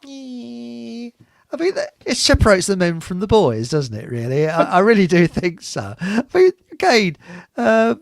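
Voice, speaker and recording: Recorded at studio quality without echo, this British chat show host speaks in a high voice with big pitch swings. He jokes and rambles, laughs quickly, and reads out comments from viewers in a casual style.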